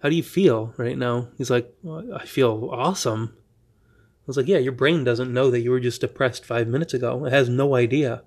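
A man hosting a podcast, telling a story in a monologue and acting out both sides of a conversation with quick restarts. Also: medium pitch. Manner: animated, reenacts dialogue with quick restarts. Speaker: podcast host.

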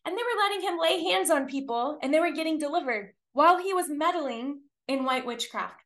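Brief: woman podcast preacher, high bright voice, chatty testimony with earnest appeals. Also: expressive, fairly quick. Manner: chatty storytelling, many "like"s, rhetorical questions; earnest exhortation. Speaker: podcast host and traveling preacher.

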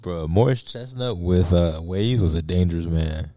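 A man co-hosting a casual chat, reacting with playful jokes and quick questions. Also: sits low, dark tone, no room sound. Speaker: podcast co-host.

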